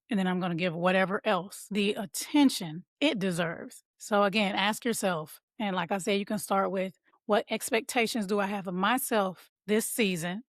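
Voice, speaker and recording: A woman's voice: medium pitch, no room sound. A woman hosts a motivational podcast for mothers in a conversational coaching tone. She talks to listeners as y'all. Her voice sits mid-range and is recorded close, in a dry room. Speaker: podcast host and mom coach.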